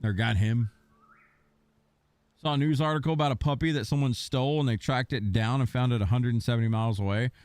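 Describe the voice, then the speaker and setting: A man's voice: mid-range voice, a little fast, darkish tone, no echo. A man streaming a game, chatting casually and telling a long story in a rambling way, swearing now and then. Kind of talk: casual chat while gaming.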